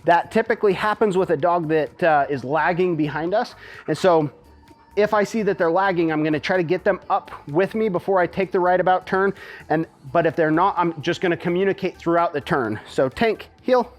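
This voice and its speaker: A man teaching dog heel work, explaining calmly while he walks a dog. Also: high-pitched, fairly quick. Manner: calm, explanatory, talks while walking a dog. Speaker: dog trainer. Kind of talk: instructional demonstration.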